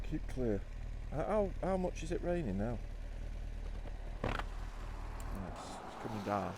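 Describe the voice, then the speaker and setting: Man in his fifties, sweary and sardonic, mid pitch, faint traffic noise outdoors. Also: big pitch swings, slow pace, gravelly, darkish tone. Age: 50s. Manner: sweary, sardonic, wandering asides. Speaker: motorcycle vlogger. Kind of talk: rambling spoken vlog. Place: outdoors on a motorbike trip in rain.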